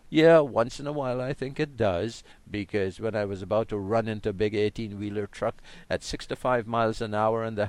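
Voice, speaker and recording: A man in a reflective spiritual chat, talking in a slow, musing way and often dropping his voice to a quiet tone. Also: on the low side, dry recording. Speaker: co-host.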